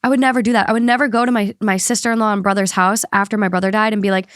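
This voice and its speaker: A woman's voice: medium pitch, steady tone, rapid-fire, no room sound, studio quality. A woman hosting a podcast, talking in a heated, indignant way with a stuffy nose. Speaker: podcast host. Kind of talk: casual podcast chat.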